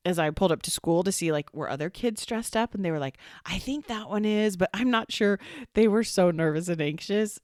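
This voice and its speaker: A woman's voice: fairly low pitch, no room sound, studio quality. Chatty, upbeat woman podcast host. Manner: chatty and upbeat, laughs often. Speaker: podcast host and work coach. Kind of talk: casual podcast monologue.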